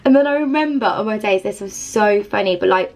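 A woman's voice: mid-range voice, brisk, a little mellow. A young woman chatting to camera as a Christian vlogger, effusive and rambling, with lots of "like" fillers. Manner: effusive, rambling, heavy use of "like". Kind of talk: casual chat to camera.

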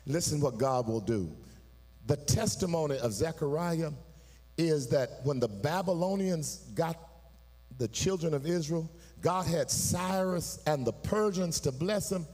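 Preaching pastor. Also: male voice, on the high side, lively intonation, unhurried. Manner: preaching with call and response, rising to sung, shouted peaks. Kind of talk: sermon. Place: church sanctuary. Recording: live in a church hall, long reverb.

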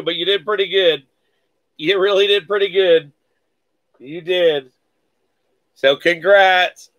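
A man with a fairly high voice runs a live card break stream and chats easily with his viewers. He talks in a loose, casual way, full of "uh" fillers, and calls out people by name as he goes. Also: sharp tone. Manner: laid-back, many "uh" fillers, greets viewers by name.

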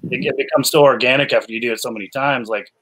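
A man at an ordinary middle pitch, telling lively film-set stories. He speaks in a casual, enthusiastic way, full of "uh"s and quick restarts. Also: a little hiss or hum, rough recording. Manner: enthusiastic storyteller, many fillers and restarts. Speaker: actor guest. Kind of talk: casual chat, animated anecdotes.

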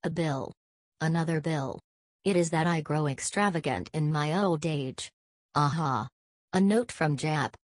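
A woman's voice: sits low, measured pace, dry recording. A woman reading the part of a fussy, vain older male detective, sprinkling in French phrases in a theatrical manner. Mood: musing. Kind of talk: audiobook character reading.

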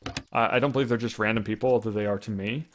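A man's voice: on the low side, steady tone, fast talker, slight background noise. A man giving casual gameplay commentary, thinking aloud with wry asides and frequent restarts. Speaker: let's play commentator.

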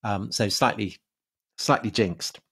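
A man's voice: on the low side, slow, gravelly, fairly bright tone, husky. Chatty Englishman telling a story. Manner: chatty storyteller, laughs often, many fillers. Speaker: podcast host. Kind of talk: casual history podcast chat.

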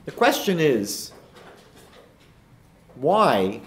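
High-voiced rabbi telling stories. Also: male voice, sing-song, drawn-out words. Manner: storytelling, emphatic rhetorical questions. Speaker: rabbi lecturer. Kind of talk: recorded lecture.

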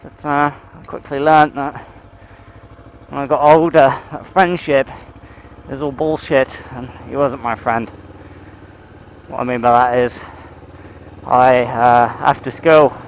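A man's voice: mid-range voice, rough recording. A biker talks to himself and to his bike as he rides through town. His chat rambles and he swears a lot, in an ordinary mid-range voice. Faint road noise sits behind him, picked up by his helmet mic. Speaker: motovlogger. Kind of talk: casual motovlog chat while riding. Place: outdoors on a motorcycle in town.

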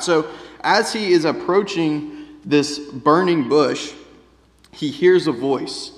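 A man's voice: a little high, slow. Man preaching in a reverberant church. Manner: conversational, keeps asking "right?". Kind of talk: sermon. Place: church sanctuary. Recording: long reverb of a church hall.

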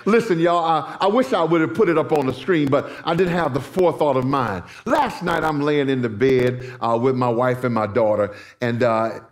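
A man's voice: mid-range voice, normal speed, hardly any pauses. A middle-aged male pastor preaching a sermon in church, telling stories with folksy asides to the congregation. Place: church sanctuary.

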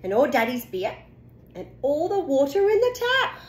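A woman reading a picture book aloud to a child at home, playful and animated, often gasping and laughing. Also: high-pitched, normal speed. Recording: echoey room, faint background noise.

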